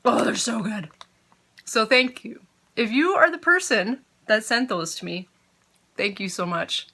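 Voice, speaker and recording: A woman's voice with a clear, bright edge, talking casually to her viewers from home. She is chatty and grateful, drifts off topic easily and sometimes talks with her mouth full. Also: a little high, expressive, a little slow. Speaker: knitting podcaster. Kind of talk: casual chat to camera.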